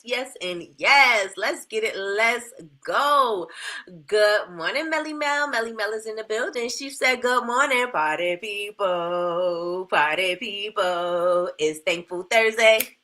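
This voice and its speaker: A middle-aged woman hosting a casual livestream chat, animated, greeting viewers by name and laughing often. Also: a little high. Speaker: livestream host.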